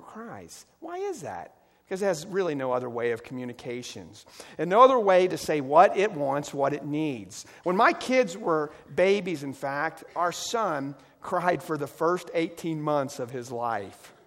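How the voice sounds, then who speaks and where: A middle-aged man preaching a sermon as a pastor, telling a story that moves between strong, raised emphasis and quiet, hushed passages. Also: mid-range voice. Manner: storytelling with wide swings from loud emphasis to hushed, soft delivery. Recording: long reverb of a large hall.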